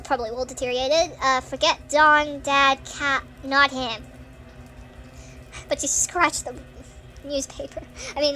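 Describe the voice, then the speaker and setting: A woman talks through a horror game in a chatty, excitable let's-play commentary, reacting aloud and laughing nervously. Her voice is high-pitched and bright. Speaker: gaming channel host.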